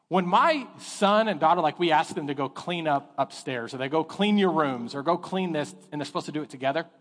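Middle-aged male pastor, animated storytelling sermon, fairly high voice, long church-hall reverb. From Texas. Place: church sanctuary.

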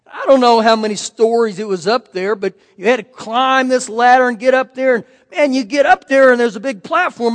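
A male pastor giving a sermon, telling folksy personal stories and acting out the voices of the people in them. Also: very high voice. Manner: folksy storytelling with animated quoted voices. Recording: long hall reverb.

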